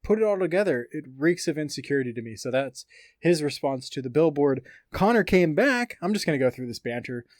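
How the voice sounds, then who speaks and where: A man's voice: on the high side, lively intonation, fairly quick, no room sound, studio quality. Rambling man chatting fight news. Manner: rambling, many fillers, reads quotes aloud. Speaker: podcast co-host. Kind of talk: casual podcast chat about fight news.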